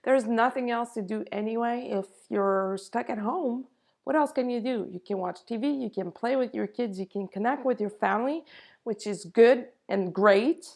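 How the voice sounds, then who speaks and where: A woman giving an earnest spiritual talk to camera, in unhurried, drawn-out phrases. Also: on the high side, gravelly, darkish tone. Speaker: spiritual channel host. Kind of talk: slow spiritual monologue to camera.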